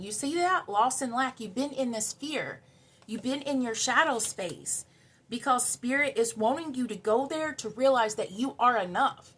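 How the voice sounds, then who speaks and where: A woman's voice: on the high side, fairly bright tone, slightly rough. A woman doing a spiritual tarot card reading for her viewers, earnest and emotional, repeating key words for emphasis. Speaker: tarot reader.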